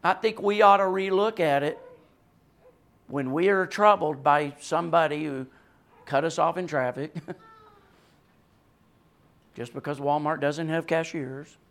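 High-voiced preacher with a carrying voice. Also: male voice, unhurried, pauses often. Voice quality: voice that carries. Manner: swings from hushed to loud, emphatic preaching. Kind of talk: sermon.

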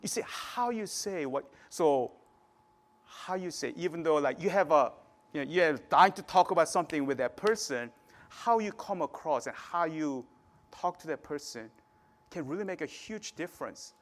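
A man's voice: a little high, expressive, normal speed. Man preaching a casual, conversational sermon. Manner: conversational preaching, frequent "right?" tags.

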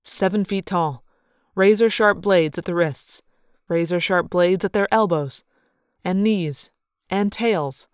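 A woman's voice: on the low side, clear, resonant tone, dry recording, clean studio sound. A woman reading a sci-fi novel aloud in first person, narrating with dramatic, vivid storytelling. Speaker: audiobook narrator.

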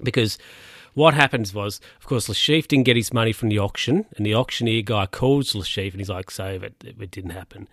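A man's voice: on the low side, a little fast, fairly bright tone, no room sound, clean studio sound. A man casually recapping a film's plot, rambling, with lots of fillers and self-corrections. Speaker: film recap host.

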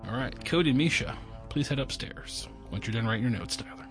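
A man running a tabletop game as game master, rambling and filling pauses with ums. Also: medium pitch, loud music behind the voice. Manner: rambling, many fillers.

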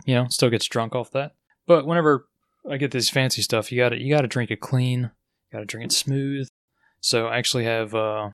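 A man's voice: mid-range voice, fairly bright tone, no room sound. A man co-hosting a casual podcast, rambling and laughing easily. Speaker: podcast co-host.

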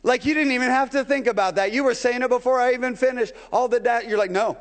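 High-voiced preacher in an echoing sanctuary. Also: male voice, fairly even intonation, fast. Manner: rhetorical questions to the congregation. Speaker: pastor. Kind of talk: sermon. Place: church sanctuary. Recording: long hall reverb.

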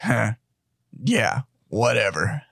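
A man's voice: mid-range voice, wildly swooping pitch, slow pace, vocal fry, a bit bright, dry recording, studio quality, exaggerated voice. Man doing a cocky spy, sarcastic, defensive, mid-range voice.

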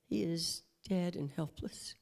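A woman preaching a dramatic sermon, swinging between whispers and loud proclamation. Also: lowish voice, slow pace, vocal fry.

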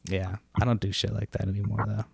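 A man's voice: on the low side, level tone, quick pace, gravelly. A man co-hosting a podcast, telling crude stories in a laid-back way. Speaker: podcast co-host. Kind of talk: casual chat.

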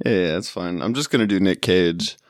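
A man's voice: sits low, a little fast, dry recording, studio quality. A man co-hosting a podcast in casual chat, wry and swearing freely. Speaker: podcast co-host.

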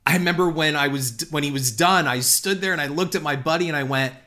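A man telling a personal anecdote in an animated, conversational way, speaking to his listeners as folks. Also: a little high, fast, hardly any pauses. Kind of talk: storytelling anecdote.

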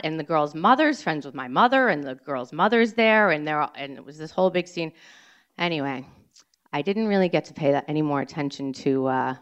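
A woman telling a personal story on stage, animated and breathless, acting out quotes. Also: sits low, smooth, highs cut off.

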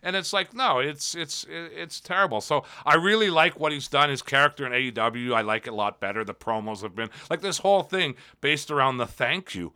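A man in casual chat whose pitch swings widely as he talks. His voice is bright and fairly high, and he speaks with emphatic, animated force and loose swearing. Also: brisk, hardly any pauses, smooth. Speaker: podcast co-host.

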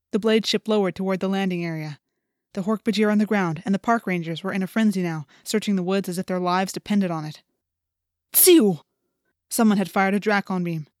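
A woman reading a first-person audiobook in a tense, measured storytelling voice, recorded on a close studio mic. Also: medium pitch, darkish tone, dry recording. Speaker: audiobook reader.

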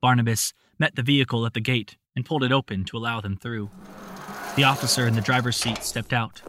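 A man's voice: medium pitch, steady tone, fairly quick, bright, forceful tone. Man narrating a story over background hiss. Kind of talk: scripted audiobook narration.

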